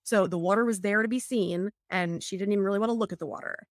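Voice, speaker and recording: This middle-aged woman is an EFT practitioner who chats casually, explaining things and telling stories packed with "like" fillers. Her voice is medium-pitched and fast, recorded at studio quality with no room sound.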